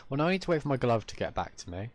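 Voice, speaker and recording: A man's voice: medium pitch, big pitch swings, very fast, background noise. A man streaming an online role-play game, chatting casually in a rambling way and laughing often.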